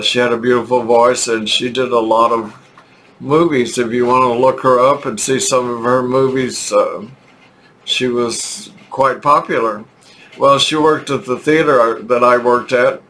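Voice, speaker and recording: An older man from Texas with a Texan accent, telling a rambling, halting story with chuckles in a casual vlog. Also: medium pitch, fairly even intonation, a bit bright, a little hiss or hum. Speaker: vlogger.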